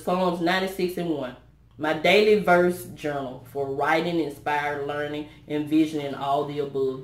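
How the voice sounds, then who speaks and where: An older woman talks through an unboxing vlog in a fairly low voice. She is effusive and churchy, calling her viewers y'all and baby. The room around her gives a clear echo. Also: normal speed. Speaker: vlogger.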